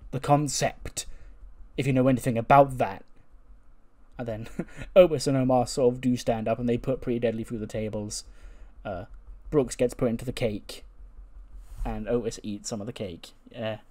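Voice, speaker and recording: A man's voice: medium pitch, steady tone, normal speed, mellow. A man casually retelling a wrestling sim playthrough in a chatty, storytelling way. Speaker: game commentator.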